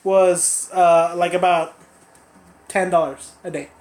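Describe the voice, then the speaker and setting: A young man chatting on a podcast, telling rambling stories and acting out other people's lines in high voices. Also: fairly even intonation, slow pace, darkish tone. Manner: rambling storyteller who acts out quotes in high voices. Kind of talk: casual podcast chat. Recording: roomy echo.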